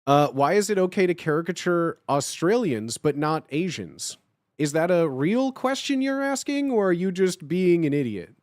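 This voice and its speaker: Young streamer guy, high bouncy voice, swears a lot, dry close mic. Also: moderate pace, no room sound. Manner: animated, swears a lot, laughs often. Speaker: livestream host. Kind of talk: casual live stream chat, reading chat.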